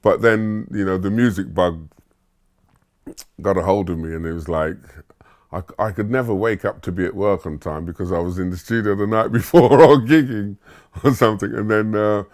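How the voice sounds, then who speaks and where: A man from Barbados, a musician, recalling his youth in a relaxed, rambling way with lots of fillers and chuckles. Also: lowish voice, normal speed. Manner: laid-back storytelling with filler words and chuckles. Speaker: musician interviewee. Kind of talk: relaxed reminiscing monologue.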